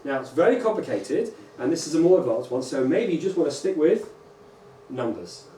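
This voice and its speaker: A man, a rabbi, giving a lively conference lecture to teachers and often checking in with "right?" and "okay?". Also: a little high, a little fast. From England. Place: large lecture hall. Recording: echoey hall, distant mic, faint hum.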